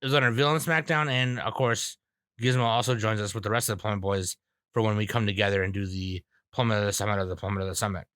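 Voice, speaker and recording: A man's voice: fairly low pitch, steady tone, fast talker, a bit bright, clean tone, dry recording, studio quality. A man hosting a podcast, bantering casually with crude jokes and rambling through stories. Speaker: podcast host.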